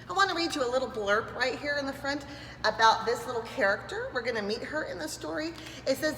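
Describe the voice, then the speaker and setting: Reading a picture book to preschoolers, a woman speaks high-pitched and fairly quickly, full of enthusiasm and doing the voices. A little hiss or hum sits under the audio, captured in an echoey room with a long reverb.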